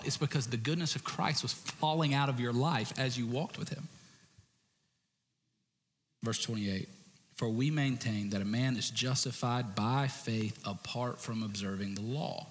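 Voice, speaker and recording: A man preaching a sermon as pastor, conversational with jokey asides and sudden shouted bursts. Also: mid-range voice, long reverb tail. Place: church stage.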